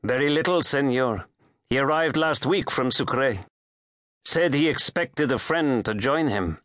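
A man's voice: medium pitch, unhurried, a bit bright, dry recording, clean studio sound, natural voice. A male narrator voicing a watchful, polite hotel clerk in an audiobook, speaking deferentially and addressing the guest as sir. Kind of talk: audiobook character voice.

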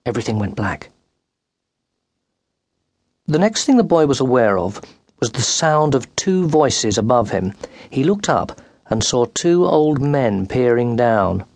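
A man narrating a children's storybook with animated, dramatic delivery that rises and quickens with the action, recorded close in a studio. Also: mid-range voice, no room sound. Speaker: audiobook narrator. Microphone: close studio microphone.

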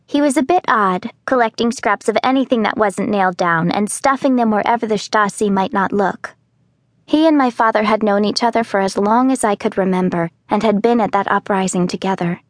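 A woman narrating a children's audiobook in the first person, telling the story calmly and clearly. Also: medium pitch, brisk, no echo, clean studio sound. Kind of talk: scripted narration.

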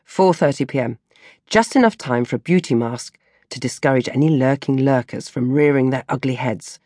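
A woman narrating a comic diary audiobook with animated, mock-dramatic delivery. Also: extremely low pitch, moderate pace, no echo, studio quality.

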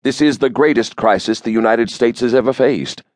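A male audiobook narrator voicing a blunt, worried treasury secretary, pitched above his own voice. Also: moderate pace, darkish tone, no echo, studio quality, natural voice. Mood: grim. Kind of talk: audiobook character voice.

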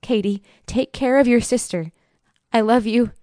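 A woman's voice: on the high side, measured pace, mellow, no room sound, clean studio sound, voice pushed up, natural voice. A woman doing a desperate, pleading mother. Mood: tender. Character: terrified pleading young mother.

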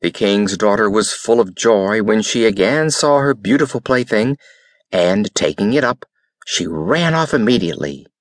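A man's voice: lowish voice, moderate pace, no echo, studio quality. A man narrating a fairy tale as an audiobook reader, telling it expressively. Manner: expressive storytelling.

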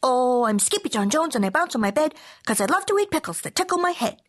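A woman voicing a playful boy kitten who thinks he's a Chihuahua, with a put-on Spanish accent and an excitable, sing-song delivery. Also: fairly high pitch, a little slow, husky, heavily acted. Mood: excited.

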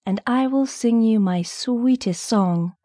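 Brief: woman voicing a small pleading nightingale, high and earnest, mellow tone, dry audiobook sound. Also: takes it slowly, no echo. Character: small brave female nightingale, longing and pleading. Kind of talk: audiobook character reading.

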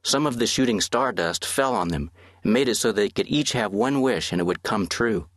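A man voicing a seven-year-old boy in an audiobook, a gentle older brother telling a soft, reassuring bedtime tale. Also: fairly low pitch, lively intonation, moderate pace, no room sound, studio quality, pitched above the performer's own voice.

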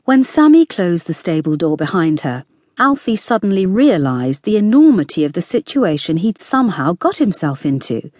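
Woman, audiobook narrator, expressive storytelling, lively intonation, dry studio sound. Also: lowish voice, normal speed, no room sound.

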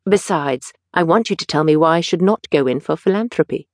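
A woman voicing an eager, petulant young gentleman in an audiobook, with lively, pleading delivery. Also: sits low, fairly quick, dry recording, clean studio sound.

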